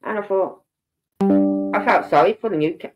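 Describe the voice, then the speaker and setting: A woman's voice: medium pitch, moderate pace, soft background music. A woman with a Birmingham accent, chatting casually to a live audience and acting out the voices of people in her stories. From Birmingham, England. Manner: chatty storyteller who acts out quoted voices. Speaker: livestream host. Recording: dull lo-fi stream audio.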